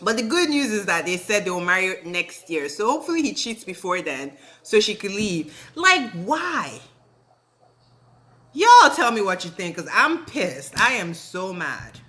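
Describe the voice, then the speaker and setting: A woman rants in a casual vlog, her pitch leaping up and down as she talks. Her voice is bright and sharp, and her commentary is indignant and full of slang. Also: sing-song, unhurried. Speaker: reality TV recap vlogger. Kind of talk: casual rant.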